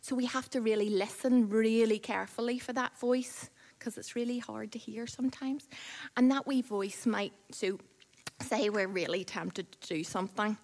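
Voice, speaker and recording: A woman's voice: fairly high pitch, moderate pace, a little mellow. A young woman leading a children's church talk. She is playful and teasing and laughs often. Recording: echoey hall with long reverb.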